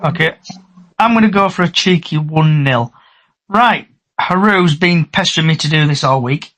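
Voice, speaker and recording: Brisk, teasing high-voiced man. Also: fairly bright tone. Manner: brisk, teasing, leads the questions. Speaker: podcast host. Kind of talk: casual chat.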